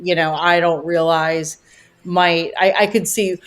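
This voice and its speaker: A woman talking as a podcast guest in casual conversation, chatty and rambling, with plenty of "you know" and animated retellings. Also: on the low side, unhurried. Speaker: podcast guest, vacation rental owner.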